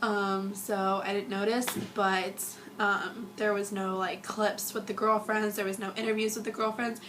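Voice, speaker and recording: A young woman vlogger rambling through a casual fan review, gushing and giggly, a little sick and husky. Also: medium pitch, little pitch movement, unhurried, a bit bright, slight background noise.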